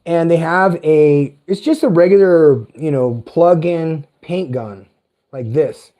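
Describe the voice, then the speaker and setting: A man in his fifties with a light tenor voice that is not deep, talking in a meandering, chatty vlog monologue that is peppered with profanity and self-corrections. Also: slow pace, dark tone. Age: 50s. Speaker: vlogger. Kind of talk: casual rambling monologue.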